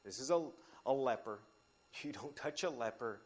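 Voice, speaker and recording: A man teaching a Bible study, talking in an animated way with restarts and sudden rises when he quotes scripture. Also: moderate pace. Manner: animated, frequent restarts, pitch jumps when quoting scripture.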